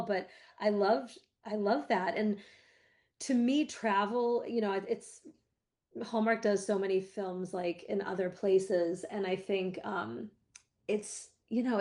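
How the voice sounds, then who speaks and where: A woman's voice: mid-range voice, a little mellow. A woman screenwriter appearing as a podcast guest, speaking reflectively and meandering, with many fillers. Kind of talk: casual interview chat.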